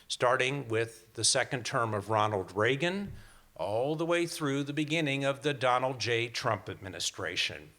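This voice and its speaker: A man's voice: medium pitch, bright, forceful tone. A man in his sixties gives a prepared talk to a live audience, telling stories in a wry way with small hesitations. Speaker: guest speaker. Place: lecture hall before a live audience.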